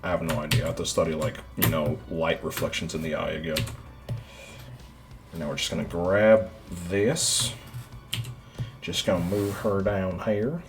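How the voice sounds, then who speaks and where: A man streaming his art, chatting casually and thinking out loud with lots of fillers as he draws. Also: low-pitched, little pitch movement, moderate pace, pauses often, faint music behind. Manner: rambling, thinks aloud with many "like"s. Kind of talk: casual commentary while drawing.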